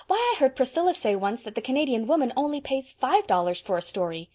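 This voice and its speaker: A woman's voice: high-pitched, sing-song, fast talker, dark tone, voice pushed up. A woman reading as a chattering, cheerful young woman. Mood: jubilant. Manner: eager, chattering. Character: lively young woman, proud and cheerful friend. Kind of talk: audiobook character voice.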